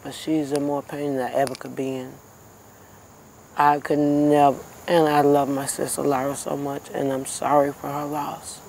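A woman's voice: deep voice, level tone, normal speed, darkish tone, rough recording. A middle-aged woman speaks in a heartfelt, tearful way during an interview. Faint outdoor noise sits behind her voice. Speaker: victim's aunt, interviewee. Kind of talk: emotional interview.

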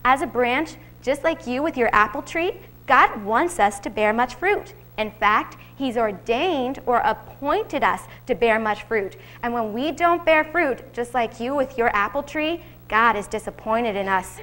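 A woman reading a Bible devotional, earnest and teaching, slowing down to read scripture aloud. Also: a little high, animated, fairly bright tone. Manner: earnest, slows for scripture quotes.

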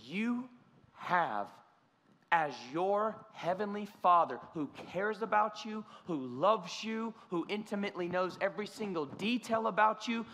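In a church sanctuary, a pastor with a high, slightly bright voice preaches earnestly and conversationally at a measured pace, his intonation lively, often restarting sentences. There's church hall reverb and a little hiss or hum.

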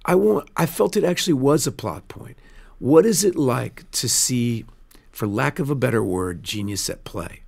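A man, a film director, telling stories in a casual studio interview, earnest and animated, often restarting his sentences. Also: mid-range voice, normal speed, gravelly. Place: radio studio.

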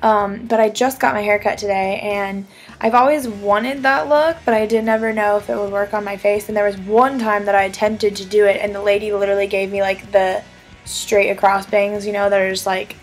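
A woman's voice: medium pitch, steady tone, fairly quick, faint music behind. A young woman vlogging casually to camera, chatty and giggly with lots of filler words.

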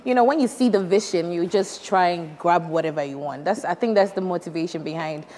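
A woman's voice: lowish voice, brisk, dark tone. A woman from Ghana, a musician chatting as a quiz show guest in an easygoing way. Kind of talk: casual chat on a quiz show. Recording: reverberant hall with background noise.

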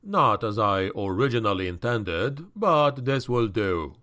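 A scheming demonic high priest speaks in a low, unhurried drawl that carries quiet menace, as a man reads him. Every word is measured and commanding, with a lively swing of pitch. It is a grim fantasy audiobook character voice. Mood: menacing.

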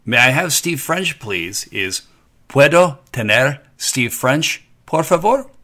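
Playful, lively-voiced male language teacher. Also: mid-range voice, takes it slowly. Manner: playful, repeats phrases for learners to echo. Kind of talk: scripted narration for a kids' lesson.

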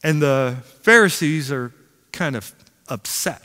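A middle-aged man pastor delivers a sermon in a bright, forceful voice that sits a little high. He tells stories with humor and acts out the voices in them, and his words ring with the long reverb of a large church hall. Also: takes it slowly. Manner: animated storyteller, acts out quotes, self-deprecating humor.

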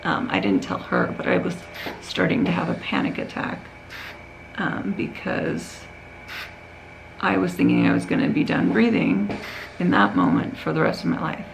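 A woman's voice: lowish voice, sing-song, moderate pace, gravelly, a little hiss or hum, poor audio. A tired woman talking candidly in a casual home vlog, telling a long rambling story with many restarts. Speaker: vlogger.

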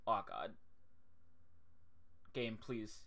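A man's voice: fairly low pitch, sing-song, drawn-out words, vocal fry, over music. A man streaming a video game, muttering and rambling casual asides to himself. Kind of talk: casual live-stream gameplay chat.

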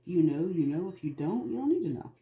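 Very mellow-voiced man chatting in a roomy space. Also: a little high, big pitch swings, quick pace, muffled recording. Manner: rambling, chatty, wanders between topics. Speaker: art channel host. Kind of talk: casual chat while making art. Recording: roomy echo, faint music behind.

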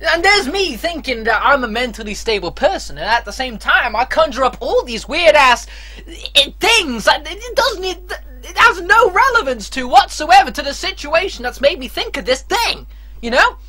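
A man's voice: very high-pitched, sing-song, normal speed, sharp tone. A man giving foul-mouthed, rambling commentary while playing a horror game, breaking into screams when startled. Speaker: let's play commentator. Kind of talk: gameplay commentary.

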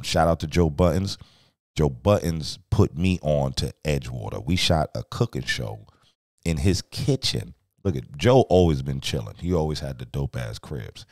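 A middle-aged man with a very deep, low voice hosts a podcast in a casual, laid-back way. His talk is loose and slangy, full of asides to the listeners. The sound is dry and close to the mic. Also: darkish tone, no echo. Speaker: podcast host.

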